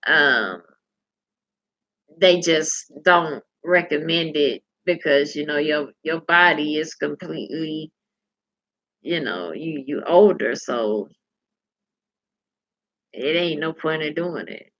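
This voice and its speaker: Speaking slowly with frequent pauses, a woman with a low but fairly bright voice hosts a relaxed livestream chat. She reads out viewer comments and shares stories, chatty, salty, and candid, addressing viewers head-on. The audio is dull lo-fi.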